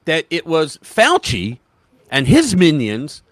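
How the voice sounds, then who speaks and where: Hosting a political livestream, this American man talks slowly but animatedly, restarting himself, overlapping his own words, and imitating quoted voices. His pitch rises and falls sharply as he grows worked up. The sound is close and dry, with no echo and barely any room tone.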